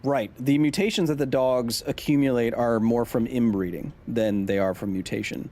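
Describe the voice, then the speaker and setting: A man's voice: mid-range voice, normal speed. A man in his thirties hosting a live gaming stream. He chats, explains science and reads out viewer messages. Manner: chatty, explains science, reads chat aloud; jumpy, yells when startled.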